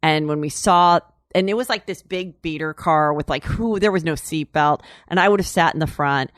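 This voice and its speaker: Her voice is deep and her pace moderate, recorded cleanly in a studio with no echo. Appearing as an interview guest, she tells stories casually, chatty and candid, rambling with frequent "like" and "you know," and laughing throughout.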